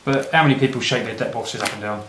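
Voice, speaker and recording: A young man with a London accent, excitably chatting and joking while playing a card game. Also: medium pitch, quick pace. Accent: London English. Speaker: card game player and channel host. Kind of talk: casual banter during a card match. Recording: echoey room, faint background noise.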